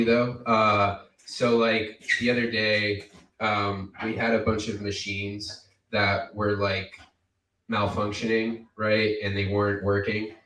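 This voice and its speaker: A man doing a stand-up comedy set, rambling and halting, with many fillers, in a basement cafe. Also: fairly low pitch, fairly bright tone. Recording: echoey basement, distant mic.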